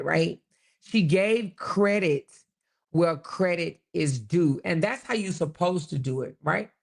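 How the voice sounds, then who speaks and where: A woman hosting a casual commentary channel, chatting sassily to her viewers and often pausing to find clips. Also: on the low side, creaky.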